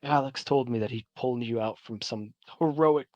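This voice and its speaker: A man doing a gruff, stern father. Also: mid-range voice, normal speed, darkish tone, no room sound, soft background music, voice pushed down, lightly acted. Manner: blunt and demanding.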